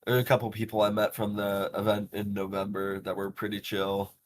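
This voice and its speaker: A young man with a lowish voice tells tournament and bus stories in a loose, animated podcast chat, swearing freely and filling gaps with "like" and "uh". A faint rumble sits under the recording. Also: fairly quick. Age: young adult. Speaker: podcast host. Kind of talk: casual podcast storytelling.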